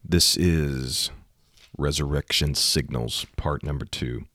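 A man with a very deep, slightly bright voice hosts a Christian podcast, slowly telling a devotional story in an earnest, folksy way. There's no room sound.

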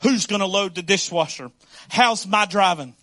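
Male pastor, middle-aged, high bright voice, storytelling sermon. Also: moderate pace. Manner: storytelling with laughs and acted quotes.

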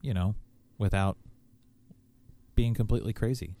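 A man co-hosts a podcast, chatting casually in an easygoing, reflective way. His voice is lowish and mellow, at a moderate pace.

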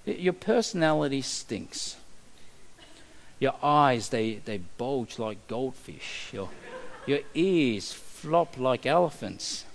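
A man's voice: on the high side, vocal fry, a little hiss or hum, heavily acted. A preacher putting on a stammering smitten young man. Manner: stammering, hushed. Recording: long hall reverb.

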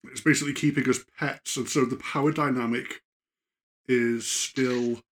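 A man's voice: mid-range voice, steady tone, normal speed. A man, a guest horror writer, talking thoughtfully in casual podcast chat with many fillers.

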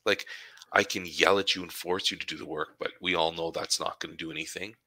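A man's voice: sits low, fairly even intonation, brisk, bright, forceful tone, rough recording. A man who works as a supply teacher, chatting casually and acting out conversations with his students as he tells stories. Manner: storytelling, acts out dialogue with students.

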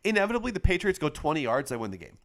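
A man co-hosting a casual sports podcast, talking through a game in a relaxed, conversational way with frequent small laughs. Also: fairly high pitch, rapid-fire. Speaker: podcast co-host.

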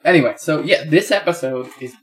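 A man's voice: on the high side, brisk, slight background noise. A man co-hosting a casual podcast, wry and rambling, correcting himself as he goes. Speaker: podcast co-host. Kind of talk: casual chat.

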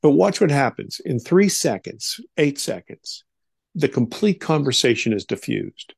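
Gravelly middle-aged man telling a story. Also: mid-range voice, unhurried, dry recording, clean studio sound. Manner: animated, acts out quoted voices, many fillers. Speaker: guest. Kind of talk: interview storytelling.

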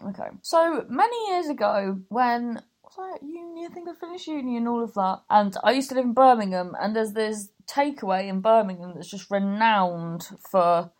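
A woman's voice: medium pitch, darkish tone. A woman in her thirties from Cornwall, England, with an English accent, hosting a podcast in casual chat, rambling through stories with plenty of swearing and tangents. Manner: rambling, swearing storyteller who goes off on tangents. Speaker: podcast host.

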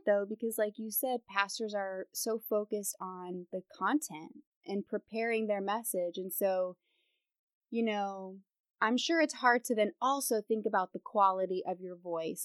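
Young woman with vocal fry, dry sound. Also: medium pitch, no echo. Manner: casual, laughs often, vocal fry at sentence ends. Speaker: guest voice expert. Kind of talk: podcast interview.

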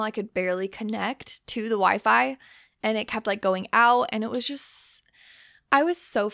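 Rambling young woman with a gravelly edge. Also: mid-range voice, fairly bright tone, no room sound, studio quality. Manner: rambling, lots of "like", swearing. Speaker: podcast host. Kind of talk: casual chat. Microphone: microphone close to the face.

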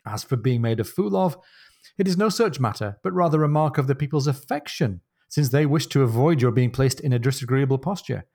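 A man voicing a calm ship's surgeon who reasons his way out of blame in a measured tone. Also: medium pitch.

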